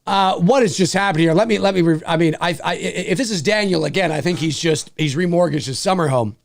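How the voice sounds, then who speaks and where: A man's voice: fairly high pitch, quick pace, creaky, dry recording, studio quality. A man hosting a livestream, reading out donations and thanking backers, with lots of swearing and stumbling restarts. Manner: swings between shouting and mumbling, swears a lot. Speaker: livestream host. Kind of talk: excited live donation readout.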